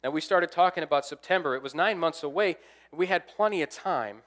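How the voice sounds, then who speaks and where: A man's voice: fairly high pitch, brisk, fairly bright tone. A young adult man, an assistant pastor, preaching a sermon as a personal story and acting out the dialogue.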